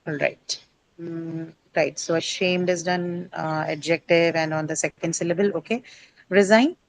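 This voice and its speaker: A woman's voice: sits low, fairly even intonation, normal speed, no room sound, low-quality recording. A middle-aged woman teacher lecturing a class, explaining step by step and quizzing her students as she goes.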